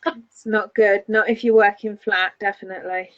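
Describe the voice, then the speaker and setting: A woman's voice: medium pitch, fairly even intonation, normal speed. A woman with a Northern English accent co-hosting a casual crafting chat and chiming in with agreement. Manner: supportive listener, brief agreeing replies. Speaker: podcast co-host. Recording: slightly dull lo-fi sound.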